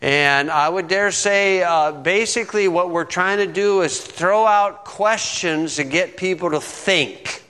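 A man's voice: high voice, a little slow, few pauses, pushed and bright, clean tone, big-room sound. A man teaching a Bible lesson in a conversational, folksy way, often checking in with his listeners. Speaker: preacher.

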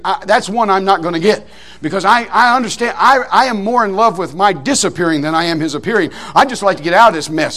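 A middle-aged man preaching a Baptist sermon in a folksy, animated way, repeating phrases and restarting his words. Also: high voice.

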